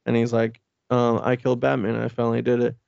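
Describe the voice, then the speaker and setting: A man's voice: medium pitch, monotone, fast talker, creaky, a little mellow, no room sound, lo-fi sound. A man co-hosting a podcast, rambling and swearing as he recaps a comic and acts out the characters' lines. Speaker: podcast co-host. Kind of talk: casual chat recapping a comic.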